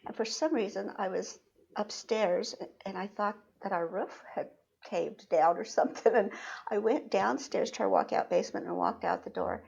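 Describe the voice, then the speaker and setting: Middle-aged lady chatting through a story, laughs a lot, breathy raspy voice, muffled sound. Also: medium pitch, moderate pace, a little mellow. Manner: chatty, laughs often, acts out quotes. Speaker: spiritual reader, podcast guest. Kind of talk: personal storytelling.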